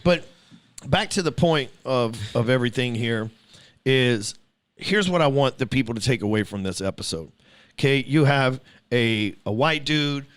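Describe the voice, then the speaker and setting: A man's voice: mid-range voice, expressive, normal speed, smooth. A man hosting a podcast, talking in a casual, profane, emphatic way and telling stories. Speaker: podcast host.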